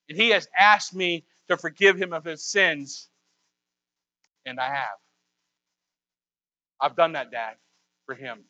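A man's voice: high-pitched, bright, forceful tone. A male pastor preaching a conversational sermon, full of rhetorical questions and repetition. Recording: dull lo-fi recording.

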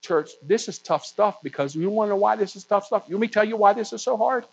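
Male pastor, high-pitched, emphatic sermon delivery, muffled lo-fi sound. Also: vocal fry. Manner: emphatic, slows down on key words and builds to raised peaks.

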